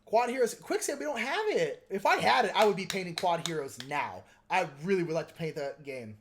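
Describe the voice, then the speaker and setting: Chatty man with a higher voice. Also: big pitch swings, quick pace, few pauses. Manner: rambling, chatty, lots of filler words; joking, self-mocking. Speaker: livestream host painting miniatures. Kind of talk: casual livestream chat.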